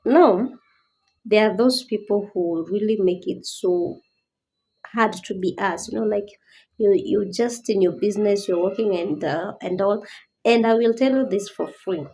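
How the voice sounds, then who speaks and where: With a mellow, mid-range voice and measured pace, a woman delivers a personal awareness talk as a disability advocate. She sounds earnest and pleading before building to indignant questions, and the audio quality is poor.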